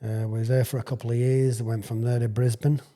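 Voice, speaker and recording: A man of about sixty from England, a retired rugby league player, guests on a podcast and tells a rambling anecdote, chuckling and restarting often. His voice is medium-pitched, level and warm, and he speaks at a quick pace.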